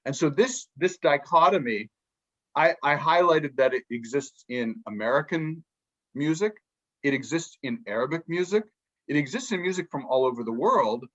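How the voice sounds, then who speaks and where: A man, a podcast guest and book author, explaining music ideas in a lively way and acting out quotes from musicians. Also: mid-range voice, lo-fi sound. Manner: animated, acts out musicians' quotes, many restarts.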